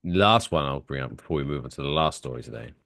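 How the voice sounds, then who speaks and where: A man's voice: a bass voice, fast, gravelly. A man co-hosting a podcast in casual chat, retelling favorite cartoon scenes and quoting them in funny voices. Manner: animated, quotes lines from cartoons in put-on voices. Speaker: podcast co-host.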